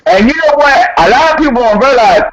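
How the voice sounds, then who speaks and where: A man giving blunt, excitable boxing opinions, swearing casually. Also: very high-pitched, brisk. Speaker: guest analyst. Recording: lo-fi call with loud crowd behind.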